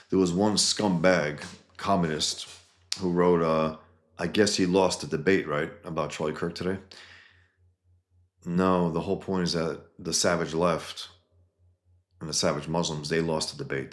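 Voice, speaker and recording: A man with a very low, deep voice talks in a blunt, heated way and swears often. He gives casual commentary and reads out comments from the internet. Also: fairly even intonation, a little slow, fairly bright tone.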